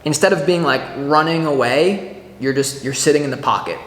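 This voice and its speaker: A man giving a casual weekly tarot reading to camera, chatty and animated, full of restarts and filler words, acting out little scenes as he explains. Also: a little high, normal speed. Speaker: tarot reader. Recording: echoey room with long reverb.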